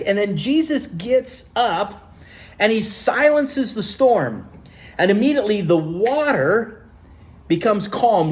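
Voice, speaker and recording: A male pastor giving a sermon, telling the story in an animated, conversational way. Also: high-pitched.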